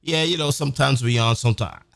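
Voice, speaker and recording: A man's voice: mid-range voice, fast, gravelly, fairly bright tone, no echo, clean studio sound. A man hosting a live-streamed podcast, ranting emphatically and profanely, often tagging his sentences with "man". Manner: emphatic, repetitive, keeps saying "man"; profane, fired up. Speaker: podcast host. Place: home recording setup near a big city.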